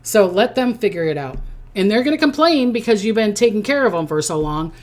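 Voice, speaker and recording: A woman's voice: medium pitch, animated, fairly quick, a little mellow. A woman psychic giving a casual, chatty horoscope reading, repeating her phrases and reading out viewer comments as she goes. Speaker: psychic reader.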